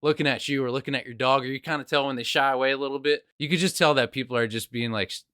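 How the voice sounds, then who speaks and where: A young man hosting a casual podcast, speaking with eager energy at a middle pitch. The recording is close and dry, with no room sound at all. He keeps tossing in "dude" and "like" as he talks. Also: rapid-fire, clear, resonant tone, dry recording. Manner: animated, enthusiastic, says "dude" and "like" a lot. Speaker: podcast host. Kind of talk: casual chat.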